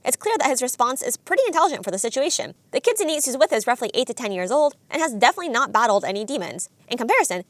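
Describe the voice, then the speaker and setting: A woman narrating a scripted anime video essay in a brisk, analytical, enthusiastic way. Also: fairly high pitch, a bit bright, no room sound.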